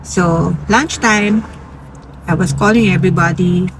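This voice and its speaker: A woman who works as a nursing assistant tells a personal story in a slow, earnest, halting way that turns emotional, recorded in a van. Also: on the low side, fairly even intonation, far from the mic, noisy background. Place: inside a parked van.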